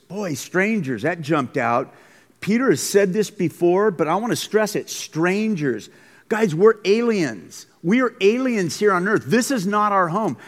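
A man preaching a conversational, emphatic sermon as pastor, recorded in a school gym. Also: on the high side. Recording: long hall reverb.

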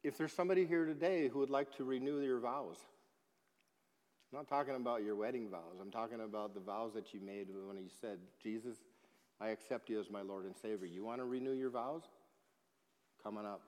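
A man preaching a sermon as pastor, slow and emphatic, swelling in volume on key phrases. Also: medium pitch, a little mellow. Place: church sanctuary. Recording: long hall reverb.

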